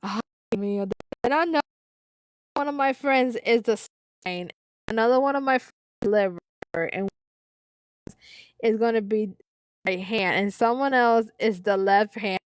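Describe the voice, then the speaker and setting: Slow-talking giggly woman streamer. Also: a little high, clean tone, no echo, poor audio. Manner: giggly, breaks into frequent laughter. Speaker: live-stream host reading online posts. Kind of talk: casual reading with live commentary.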